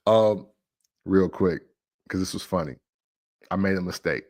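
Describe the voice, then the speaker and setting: A man's voice: sits low, takes it slowly, darkish tone. A man hosting a casual music talk show, arguing playfully and laughing often.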